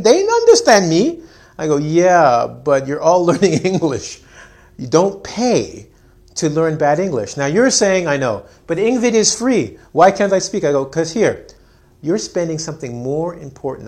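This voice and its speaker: A man's voice: a little high, a little mellow. A man teaching an English lesson, acting out students' lines with big jumps in voice and laughing often. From Canada. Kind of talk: energetic online English lesson.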